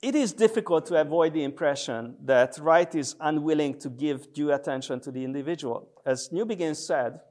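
A man lecturing on theology in a measured, deliberate way, with frequent hesitation sounds. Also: fairly high pitch, darkish tone. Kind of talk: theological lecture with scripture readings.

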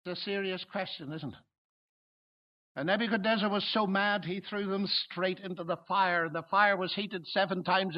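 Male preacher, high voice, emphatic sermon delivery, muffled lo-fi recording. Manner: emphatic, swelling to loud exclamations. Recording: dull lo-fi recording.

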